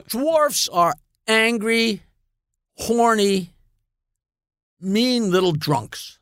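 A man spins rowdy anecdotes in a high, gravelly voice. He gets animated and breaks into laughter at his own punchlines. The sound is close and dry. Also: drawn-out words, pauses often, no room sound. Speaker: guest comedian. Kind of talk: casual storytelling.

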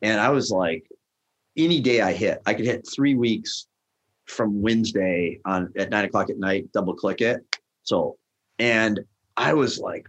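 Animated man telling a story. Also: lowish voice, moderate pace, muffled recording. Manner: animated storyteller acting out quoted dialogue. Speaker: guest, restaurant founder. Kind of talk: casual storytelling chat.

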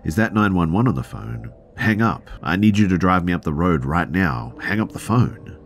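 A man's voice: low-pitched, big pitch swings, normal speed, a little hiss or hum, pitched above the performer's own voice. A man voicing an injured, drunk, panicked barefoot stranger who talks in urgent demands.

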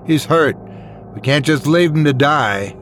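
A man's voice: on the high side, animated, a little slow, slight background noise. A man doing an urgent eerie male diver. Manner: urgent, insistent.

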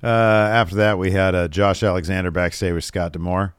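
A man's voice: sits low, fairly even intonation, brisk, clear, resonant tone, no echo, studio quality. Laid-back man swapping wrestling gossip. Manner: laid-back, swears, quotes wrestlers loosely. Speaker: podcast co-host. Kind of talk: casual wrestling recap chat.

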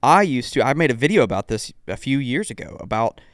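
A man's voice: mid-range voice, sing-song, quick pace, dry recording, studio quality. A congested man co-hosting a casual tech podcast, easygoing and agreeable, often repeating words. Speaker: podcast co-host.

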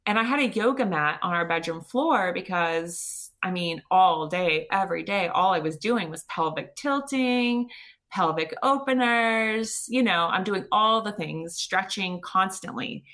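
A woman guest on an interview show, telling her own story in a lively, chatty way with lots of "you know" and "like". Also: medium pitch, measured pace. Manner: lively retelling with many "you know" and "like" fillers. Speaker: podcast guest. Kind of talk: personal storytelling.

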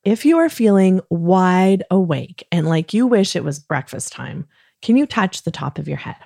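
A woman hosting a children's podcast, talking gently and soothingly at bedtime, coaxing listeners along with playful pretend yawns. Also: lowish voice, animated, gravelly, dry recording, studio quality. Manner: soft, soothing and encouraging, with playful drawn-out yawns. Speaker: kids podcast host.

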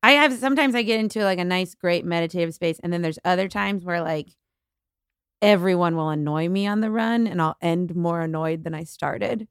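A woman's voice: fairly low pitch, brisk, smooth, dry recording, studio quality. A woman comedian, a guest in a casual chat, telling exasperated stories and laughing often.

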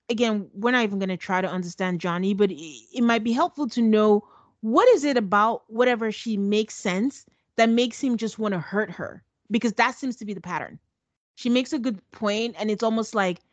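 A woman's voice: mid-range voice, dry recording. A woman co-hosting a casual recap chat, blunt and sarcastic as she retells what happened. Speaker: podcast co-host.

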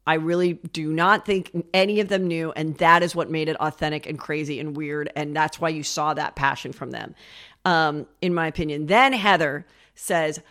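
Woman, middle-aged, chatty reality-TV recap host; low-pitched, gossipy, quick asides. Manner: gossipy, animated, acts out quotes with raised pitch. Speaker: pop culture podcast host. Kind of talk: casual chat recap.

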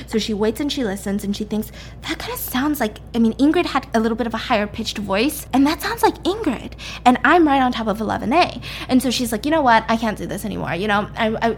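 Chatty woman retelling a story, animated. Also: a little high, slight background noise. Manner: animated, acts out characters' lines in quotes; fast rambling, self-correcting, swears casually. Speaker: storyteller recapping a book. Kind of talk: casual storytelling chat.

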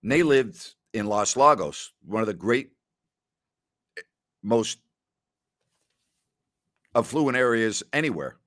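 A man's voice: mid-range voice, expressive, slow, pauses often, fairly bright tone, no echo, clean studio sound. A man hosting a podcast, casually answering listener questions and telling rambling stories, often repeating himself and laughing. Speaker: podcast host.

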